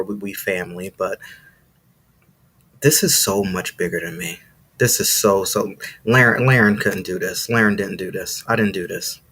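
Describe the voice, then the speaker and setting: This is a man with a fairly low voice who hosts his own podcast and talks straight to his listeners. He preaches motivation like a sermon, leaning hard on repeated lines and a punchy "see". His delivery is excited and emphatic. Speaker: podcast host. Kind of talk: motivational live-stream monologue.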